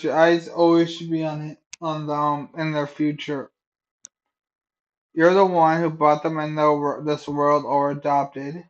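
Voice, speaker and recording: A man streaming live, reacting in a heated, profane rant that keeps bursting into shouting. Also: on the high side, dull audio.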